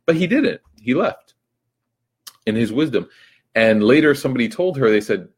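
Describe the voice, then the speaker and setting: A man's voice: medium pitch, expressive, brisk, breathy edge. A young man giving a reflective religious talk in a casual, conversational way, full of fillers and restarts. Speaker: Islamic teacher.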